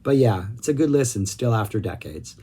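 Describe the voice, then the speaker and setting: A man's voice: medium pitch, expressive, a little fast, warm tone, breathy edge. A man hosting a music review vlog, talking in a casual, enthusiastic and rambling way, often correcting himself mid-sentence.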